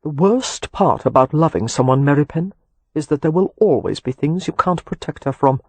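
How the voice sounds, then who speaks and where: A male reader voices a weary, protective husband whose voice is husky and slightly high. He speaks earnestly with a wry edge, expressive and at a moderate pace, recorded close and dry with no room sound.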